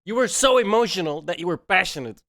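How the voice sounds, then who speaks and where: A man's voice: high voice, expressive, fast talker, gravelly, fairly bright tone. A man who is not a native English speaker, streaming casual reaction commentary in a mocking, sarcastic tone, laughing often and dropping slang like bro and man.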